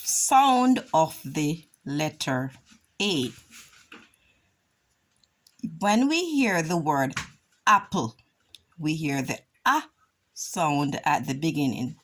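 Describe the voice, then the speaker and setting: Lady teacher doing phonics for kids, super slow, voice swoops up and down a lot. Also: low-pitched, fairly bright tone. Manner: slow, deliberate, drawn-out vowel sounds. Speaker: reading teacher. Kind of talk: children's phonics lesson.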